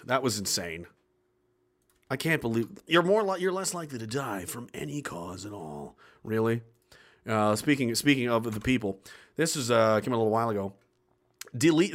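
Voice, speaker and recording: A man's voice: medium pitch, fairly bright tone. A man hosting a show, reading out chat and ranting with sarcasm, often stopping and restarting. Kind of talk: ranting livestream commentary.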